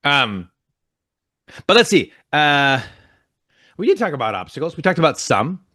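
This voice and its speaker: A man's voice: a little high, big pitch swings, a little slow, pushed and bright, no room sound, clean studio sound. A man co-hosting a podcast in casual chat who has just woken up, rambling, jokey and often cutting himself off mid-sentence. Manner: rambling, self-interrupting, jokey. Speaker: podcast co-host.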